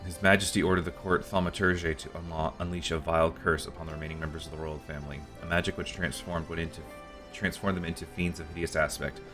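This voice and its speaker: A man voicing an old male royal scribe in a fantasy game, telling dark memories in solemn, archaic speech. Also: low voice, level tone, quick pace, over music, close to an everyday voice.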